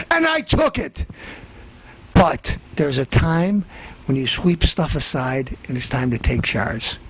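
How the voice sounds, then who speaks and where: A man playing a loud, boastful elder brother in a comedic character rant, ranting as guest host. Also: a little high, a little hiss or hum, pitched below the performer's own voice, low-quality recording.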